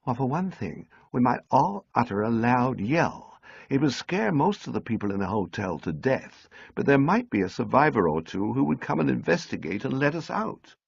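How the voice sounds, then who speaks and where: A man reading an audiobook, voicing a kind, decisive young woman who talks in a brisk, teasing way. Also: mid-range voice, big pitch swings, creaky, husky, muffled recording, exaggerated voice. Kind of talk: audiobook character voice.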